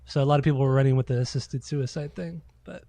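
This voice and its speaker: A man's voice: mid-range voice, steady tone, fast talker, gravelly, mellow, no room sound. A man co-hosting a casual podcast, telling loose, profane stories and acting out quotes. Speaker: podcast co-host. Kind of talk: casual chat.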